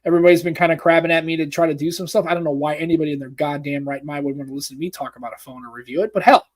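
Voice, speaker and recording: An American man with a slightly high voice co-hosts a tech podcast. He talks in a loose, jokey way and swears freely. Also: fairly even intonation, rapid-fire. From United States. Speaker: podcast co-host. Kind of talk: casual podcast chat.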